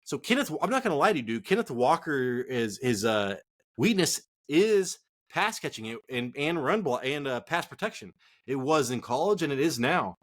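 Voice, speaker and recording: A man's voice: mid-range voice, sing-song, normal speed, fairly bright tone. A man co-hosting a fantasy football show, ranting casually with heated swearing. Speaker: fantasy football podcast co-host. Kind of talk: casual profane rant.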